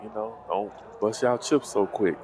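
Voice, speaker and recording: A man working as a poker dealer, with a deep radio voice, bantering casually on a live stream. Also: moderate pace, a little mellow.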